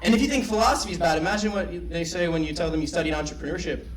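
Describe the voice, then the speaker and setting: A man's voice: a little high, racing, heavy background noise. A young man giving a graduation speech as valedictorian, wry and playful, then reflective. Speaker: valedictorian speaker. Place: large ceremony hall. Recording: roomy hall sound from a distant mic.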